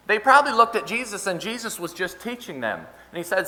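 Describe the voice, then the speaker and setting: A man's voice: high voice, very animated, brisk, hardly any pauses, sharp tone, big-room sound. A man preaching a sermon in a church, earnestly and conversationally, quoting scripture and explaining it plainly. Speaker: pastor. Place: church sanctuary.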